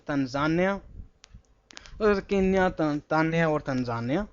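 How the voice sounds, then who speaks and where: Young male teacher, Indian English accent, slightly high voice, teasing the class with questions, dull lo-fi classroom mic. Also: expressive, normal speed, a little hiss or hum. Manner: playful, asks the class questions, mixes Hindi and English. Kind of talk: classroom geography lesson.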